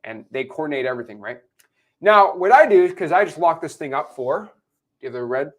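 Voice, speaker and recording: A young man gives an animated real estate lesson, constantly checking that his listeners follow. His voice sits a bit high and swings widely in pitch. He breaks into put-on character voices as he explains. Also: a little fast. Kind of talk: whiteboard lesson.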